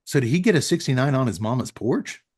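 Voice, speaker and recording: Dude hosting a podcast, cracking dry jokes, mid-pitch, easygoing. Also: male voice, fast talker, slightly rough. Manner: joking, deadpan storyteller. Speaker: podcast host. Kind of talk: casual podcast chat.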